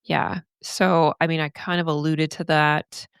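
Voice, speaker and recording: A middle-aged woman hosts a solo podcast, talking to her listeners in an earnest, candid and animated way. Her voice sits slightly low for a woman. The recording is dry and close, with no room sound. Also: unhurried, smooth, dry recording. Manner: earnest, candid, animated, casual swearing and laughs. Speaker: podcast host and therapist coach.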